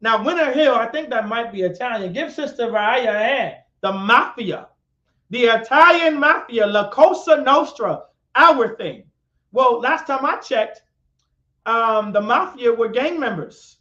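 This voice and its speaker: His voice is extremely high, sharp, and animated, and he teaches his live-streamed class in an unhurried way. The instructor repeats himself and calls on listeners after posing questions. Audio is lo-fi, dull, and echoey.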